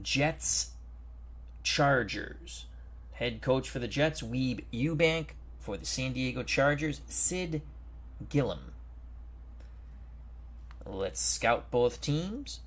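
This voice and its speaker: Hosting a football strategy game stream, this mid-range, animated man takes his time reading team rosters. His casual commentary is chatty and unhurried; he welcomes viewers and trips over player names.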